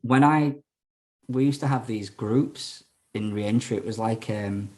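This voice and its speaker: A man's voice: on the low side, unhurried, a little mellow. A young man telling his story as a podcast guest, frank and rambling, with many fillers and restarts. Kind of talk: casual storytelling interview.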